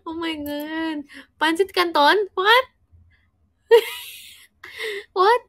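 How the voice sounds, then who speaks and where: A woman co-hosting a livestream, playing a word-guessing game playfully and laughing often. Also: very high voice. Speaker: livestream co-host.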